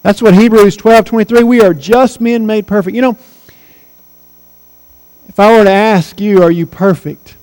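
A man's voice: high voice, steady tone, normal speed, long pauses, a little mellow, long reverb tail, poor audio. A man in his forties preaching a sermon as pastor, earnest and emphatic, repeating key phrases. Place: church sanctuary.

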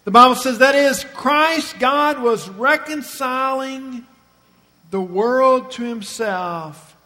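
A pastor preaching a sermon with emphatic, slowly stressed phrases and rhetorical questions. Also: male voice, very high-pitched, sharp tone, in a large hall.

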